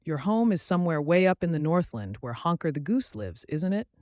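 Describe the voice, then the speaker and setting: A man's voice: fairly high pitch, very animated, brisk, darkish tone, no room sound, clean studio sound, pitched above the performer's own voice. A man voicing Jerry Muskrat, testy and sure. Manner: assured, a bit testy. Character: confident, slightly testy male muskrat.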